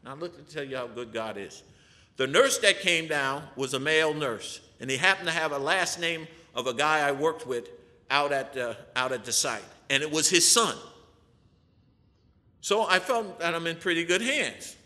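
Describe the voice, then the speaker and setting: A man tells a church testimony with a bright, forceful voice pitched a little high. His speech is animated and full of rhetorical questions for the congregation, and it rings out in the long reverb of a big hall. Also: moderate pace. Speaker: person giving a testimony.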